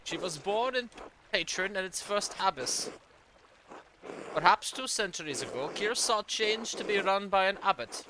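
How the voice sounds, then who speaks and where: A man's voice: high-pitched, background noise, voice pushed up. A man voicing a stern, devout male churchman with a put-on German accent, reading a formal letter.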